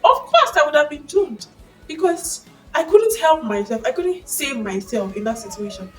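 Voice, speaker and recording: A young woman with a Nigerian accent shares a personal testimony in a casual vlog. She tells it expressively and breaks into excited exclamations. Her voice sits a little back from the microphone over faint background music. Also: mid-range voice, brisk, far from the mic, rough recording. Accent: Nigerian English. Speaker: vlogger sharing a faith testimony.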